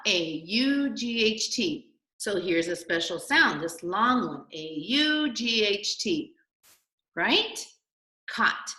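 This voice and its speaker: A woman's voice: mid-range voice, big pitch swings, slow, bright, forceful tone. Sing-song woman teaching young kids. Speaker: kindergarten teacher. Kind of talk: recorded phonics lesson for young children. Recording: echoey room.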